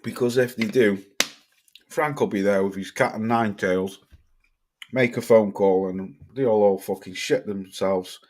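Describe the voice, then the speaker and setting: A man's voice: on the low side, steady tone, measured pace, darkish tone. Blunt man ranting. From Cheshire, England. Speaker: livestream host. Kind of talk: livestream rant reading chat comments.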